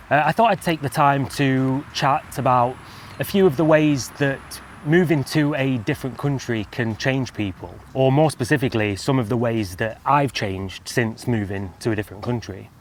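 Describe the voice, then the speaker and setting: A man's voice: mid-range voice, slight background noise. Casting note: English man, mild general British accent, casual vlogger, easygoing and rambling, recorded outdoors with faint ambience. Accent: mild English, softened toward general British. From England. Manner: relaxed, loose, with frequent fillers and restarts. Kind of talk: casual chat to camera.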